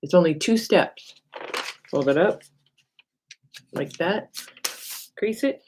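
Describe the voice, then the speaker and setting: Working at her home craft table, a middle-aged woman runs a casual crafting livestream, greeting viewers by name and thinking aloud or muttering to herself as she goes. Her lowish, darkish voice has lively intonation, and she takes things slowly. Slight background noise comes through on the poor-quality audio.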